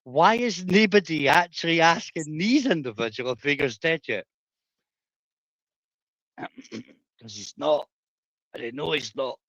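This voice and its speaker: A man's voice: on the high side, measured pace, long pauses, fairly bright tone, no room sound. Man, livestream rant, conspiratorial, dull dry audio. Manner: rambling, conspiratorial, crude.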